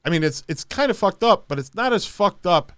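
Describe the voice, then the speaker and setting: A man hosting a casual podcast, halting and repeating himself, often laughing. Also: sits high, expressive, fairly bright tone, clean tone, dry recording, studio quality. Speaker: podcast host.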